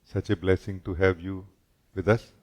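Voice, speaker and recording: A man, a spiritual teacher, giving a gentle and reflective satsang talk, often closing his sentences with a questioning "no?". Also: sits low, level tone, moderate pace.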